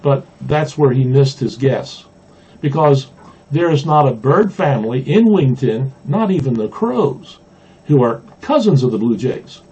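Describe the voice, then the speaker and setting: A man from Mississippi, a pastor, reading a children's storybook aloud with gentle humor, in a dull lo-fi recording. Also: mid-range voice, husky. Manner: gently humorous, chuckling at the jokes.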